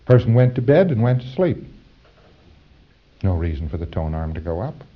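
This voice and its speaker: Low-voiced man lecturing on dull old tape. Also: very animated. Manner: halting, with repeated phrases and "uh" fillers. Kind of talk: informal lecture to trainees.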